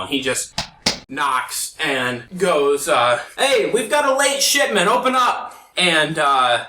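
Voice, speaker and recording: Bright-voiced man running a tabletop game. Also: medium pitch, slight background noise. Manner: easygoing, filler-heavy narration. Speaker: game master. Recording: roomy, distant mic.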